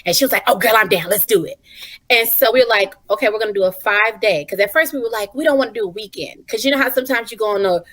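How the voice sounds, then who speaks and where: A woman in her thirties, a guest on a talk show, telling stories in a lively, colloquial and expressive way. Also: fairly high pitch, rapid-fire, hardly any pauses. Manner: animated, expressive storyteller, colloquial. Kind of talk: casual talk-show chat.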